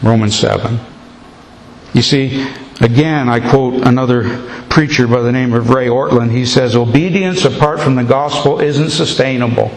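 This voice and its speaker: A male pastor preaches a sermon to his congregation in a church sanctuary, with an emphatic, repetitive cadence. His voice is mid-range at normal speed. The hall is echoey, with faint ambience.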